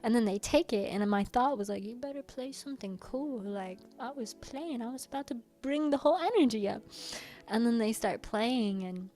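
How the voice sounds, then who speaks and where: A young woman hosting a workshop, telling a playful story in a casual, animated way and acting out the people in it. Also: a little high, normal speed, faint music behind. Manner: animated, playful, slips into quoted voices and humming. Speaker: workshop host.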